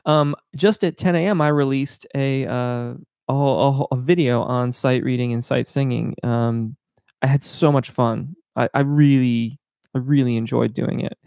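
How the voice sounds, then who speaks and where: A man's voice: medium pitch, steady tone, a little slow, gravelly, darkish tone, clean tone, dry recording, clean studio sound. A man teaching voice in a live-stream Q&A, answering chat questions in a technical, explanatory way with many filler words.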